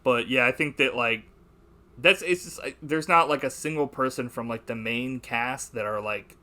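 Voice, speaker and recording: A man's voice: mid-range voice, moderate pace, pushed and bright. A young man hosting a podcast, chatting casually about a movie, rambling, swearing and laughing as he quotes lines. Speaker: podcast host.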